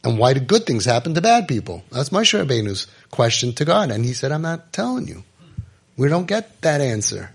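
A middle-aged man telling a story and giving advice, emphatic, repeating phrases and dropping to quiet intensity. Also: mid-range voice, big pitch swings, fairly quick, few pauses, breathy edge. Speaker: rabbi giving parenting advice. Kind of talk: impassioned storytelling talk.

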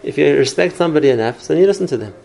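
A man's voice: on the high side, expressive, very fast, vocal fry, dark tone, poor audio. A man teaching a class on parenting, explaining through stories and examples and answering questions.

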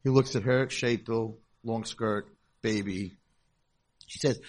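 A man's voice: on the low side, slow. A middle-aged man, a rabbi, telling stories in a conference talk and acting out the people in them. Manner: animated storyteller, acts out voices. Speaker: rabbi and school founder.

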